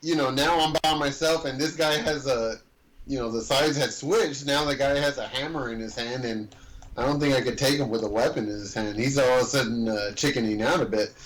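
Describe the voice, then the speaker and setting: A man's voice: medium pitch, a little fast, a bit bright, low-quality recording. An easygoing man co-hosting a casual movie podcast, with a mid-range, ordinary voice. He recaps scenes agreeably and acts out bits of the characters' dialogue. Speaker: podcast co-host. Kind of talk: casual chat.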